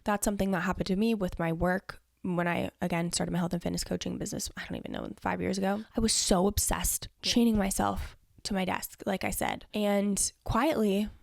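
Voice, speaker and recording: A woman's voice: medium pitch, gravelly, a little mellow, no echo, studio quality. A young woman hosting a podcast, answering listener questions in a casual, earnest solo chat full of "like" and "you know". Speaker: podcast host.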